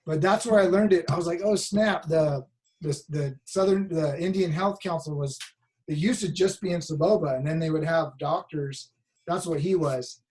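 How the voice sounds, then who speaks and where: A man's voice: on the high side, moderate pace, darkish tone. Rambling male instructor on a video call. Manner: rambling, many restarts and fillers. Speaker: college instructor. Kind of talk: casual online class talk.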